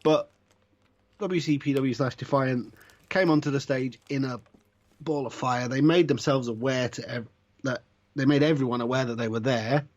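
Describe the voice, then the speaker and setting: A man's voice: medium pitch, fairly even intonation, a little mellow. Wry man, dull lo-fi sound. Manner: measured, dry teasing, chuckles. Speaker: podcast co-host. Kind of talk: casual chat.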